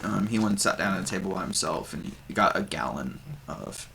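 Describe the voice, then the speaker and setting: A man narrating a tabletop game as game master, casual and describing things with many pauses and restarts. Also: low-pitched, lively intonation, gravelly, bright, forceful tone, slight background noise.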